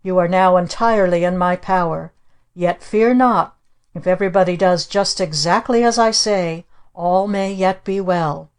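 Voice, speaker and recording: Woman playing a stern, gruff make-believe witch. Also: fairly low pitch, moderate pace, close to an everyday voice. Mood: theatrical. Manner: imperious, cold, reading stiffly from a book. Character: stern aunt playing a scolding fairy-tale witch.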